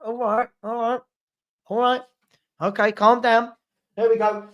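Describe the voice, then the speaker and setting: A man's voice: very high-pitched, little pitch movement, measured pace, highs cut off. A young man hosting a live football watchalong from his home room, chatting casually and reading out viewer comments. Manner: chatty, reads out viewer comments, scolds a puppy. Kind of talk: casual live-stream chat.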